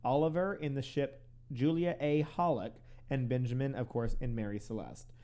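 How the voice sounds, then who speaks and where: A man's voice: mid-range voice, fairly even intonation, normal speed, dark tone. A man hosting a podcast, reading a history story aloud from notes with stumbles, self-corrections and giggles in casual chat. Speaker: podcast host.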